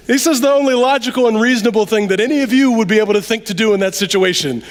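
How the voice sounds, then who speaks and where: Animated high-voiced preacher in a reverberant hall. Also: male voice, very fast, few pauses. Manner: animated, drops to a hush for emphasis, laughs and acts out voices. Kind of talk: sermon. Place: church sanctuary.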